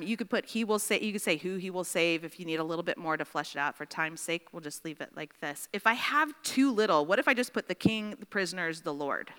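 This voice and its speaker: A woman's voice: mid-range voice, pushed and bright, smooth, in a large hall. A woman teaching a Bible study class in a chatty way, often checking in with her students.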